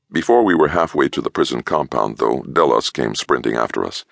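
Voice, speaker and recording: A man narrating an audiobook in the first person, measured and expressive. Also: rumbling low, gravelly, no room sound, clean studio sound.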